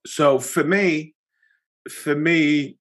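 A man hosting a podcast, talking casually and telling animated stories with lots of restarts. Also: a little high, drawn-out words. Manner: animated storytelling, chatty with many restarts. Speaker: podcast host. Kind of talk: casual chat.

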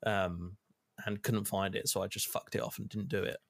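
A man's voice: fairly low pitch, steady tone, moderate pace, gravelly, dry recording, clean studio sound. A young man casually recapping a video game, rambling with lots of fillers and casual swearing. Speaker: gamer recapping play. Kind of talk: casual chat.

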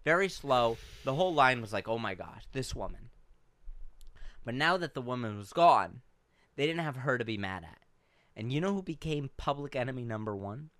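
A man co-hosting a podcast, telling a story in casual chat, going from loud outbursts to hushed asides. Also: medium pitch, brisk, dry recording. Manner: animated storytelling, swings from shouting to hushed. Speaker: podcast co-host.

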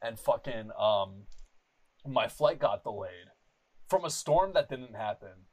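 A young adult man hosting a podcast, telling a rambling, animated story full of swearing and fillers like "like.". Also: mid-range voice, slow, low-quality recording. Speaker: podcast host. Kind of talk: casual storytelling chat.

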